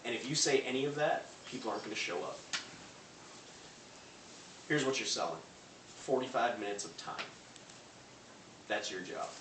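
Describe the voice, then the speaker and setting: A man giving a loud, punchy sales pep talk to a live audience, acting out phone calls. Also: mid-range voice, expressive, moderate pace, long pauses. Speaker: motivational speaker. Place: large room before a live audience. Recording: echoey hall from far off, faint noise.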